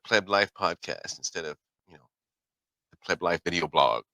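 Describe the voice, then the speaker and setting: A man's voice: low voice, expressive, moderate pace, vocal fry, sharp tone, dry recording, rough recording. A middle-aged man hosting his own podcast, talking casually in a folksy, rambling way and often correcting himself. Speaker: podcast host. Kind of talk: casual solo commentary.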